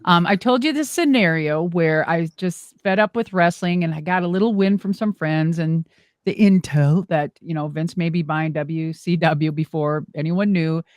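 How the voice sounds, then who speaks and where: A middle-aged woman, a former wrestler and monster truck driver, telling stories in an animated, exclamatory way as an interview guest. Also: fairly low pitch, moderate pace, no echo, clean studio sound. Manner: animated, exclamatory, acts out quoted dialogue. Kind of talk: casual storytelling interview.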